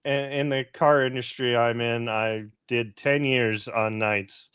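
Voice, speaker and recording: A man's voice: medium pitch, unhurried, crowd noise. A man co-hosting a gaming podcast, chatting casually and reading viewer comments with plenty of "uh"s. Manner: relaxed, reads viewer comments aloud with fillers. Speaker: podcast co-host. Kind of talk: casual chat.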